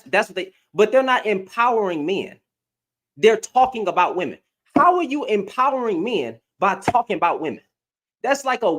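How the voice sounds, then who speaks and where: A young man with a high, swooping voice delivers a reaction commentary to his webcam at home. He rants and repeats himself, each line rising and falling in disbelief. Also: a bit bright. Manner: ranting, repeats phrases, incredulous. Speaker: commentary vlogger. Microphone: computer webcam.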